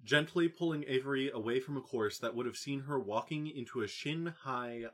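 A man narrating a novel audiobook in a calm, even reading. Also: mid-range voice, moderate pace. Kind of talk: scripted narration.

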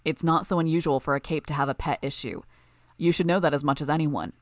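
Audiobook: level-headed young male lead, read by a woman, calm and low. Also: fast talker, no room sound, studio quality, lightly acted. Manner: calm, even. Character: calm steady young male team spokesman.

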